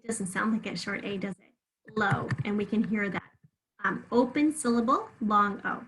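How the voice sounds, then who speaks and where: A woman teaching a remote phonics lesson, patiently drawing words out slowly so listeners can hear each sound. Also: mid-range voice, a bit bright, low-quality recording.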